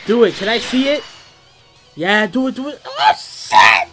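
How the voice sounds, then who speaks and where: A man commentating his own video game, hyped and loud, yelling and cursing at the characters on screen. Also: extremely high pitch, huge pitch swings, measured pace, soft background music. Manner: hyped, profane trash talk; yells at the screen. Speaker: gamer. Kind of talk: let's play commentary.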